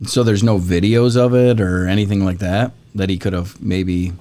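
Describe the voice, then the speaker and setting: A man's voice: low-pitched, steady tone, moderate pace, mellow. A man co-hosting a casual podcast, asking short questions and chiming in with brief agreement. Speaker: podcast co-host.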